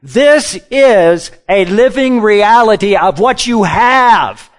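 A man preaching a sermon as pastor, moving between quiet, low musing and loud, slow, emphatic lines, and leading the congregation in call-and-response. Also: expressive.

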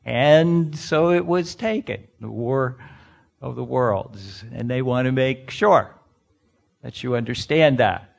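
A man preaching a sermon, emphatic and full of rhetorical questions, swinging between loud and hushed. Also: mid-range voice, slow pace, vocal fry. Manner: speaks to the congregation directly. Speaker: pastor.

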